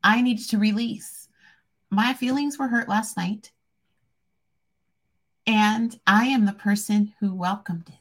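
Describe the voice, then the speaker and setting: A woman talking to camera in a rambling, heartfelt vlog, soft-spoken and a little tearful. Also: mid-range voice, fairly even intonation, slow, pauses often. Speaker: vlogger. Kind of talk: emotional personal vlog.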